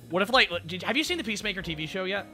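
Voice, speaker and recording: Excitable guy rattling on about comics, lively pitch. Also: soft background music. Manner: excitable, rapid, swears freely. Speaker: streamer host. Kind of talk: casual chat.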